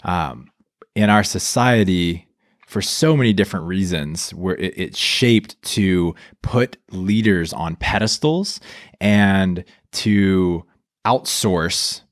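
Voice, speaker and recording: A man hosting a podcast in casual interview chat, speaking slowly and deliberately. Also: sits low, no echo, clean studio sound. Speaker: podcast host.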